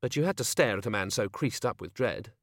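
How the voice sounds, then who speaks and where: A man narrating an audiobook with expressive, dry storytelling. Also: lowish voice, fairly quick, no echo. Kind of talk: scripted narration.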